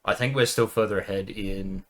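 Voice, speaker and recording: A man's voice: lowish voice, steady tone, normal speed, a bit bright. A man co-hosting a casual podcast, mostly agreeing and laughing, good-naturedly defending his own play. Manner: easygoing, short agreeing replies, defends himself good-naturedly. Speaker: podcast co-host. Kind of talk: casual chat.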